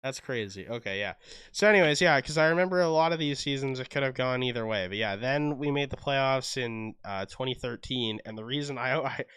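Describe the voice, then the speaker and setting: A man's voice: medium pitch, brisk, clear, resonant tone, dry recording, clean studio sound. A young Canadian man co-hosting a podcast, telling stories in casual chat and acting out the quotes. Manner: animated storytelling, acts out quotes. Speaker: podcast co-host.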